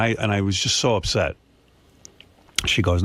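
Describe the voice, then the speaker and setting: A man's voice: on the low side, a little fast, no echo. A middle-aged man hosting a radio show, telling a personal story in a rambling, emotional way with many restarts. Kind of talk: casual radio chat.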